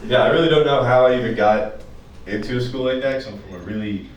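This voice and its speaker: A man's voice: medium pitch, fast. Young guy from rural pennsylvania doing standup, swears a lot, sounds far off in a noisy echoey room. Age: young adult. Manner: loose, profane, self-mocking delivery. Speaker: stand-up comedian. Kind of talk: stand-up comedy set. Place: small apartment comedy show.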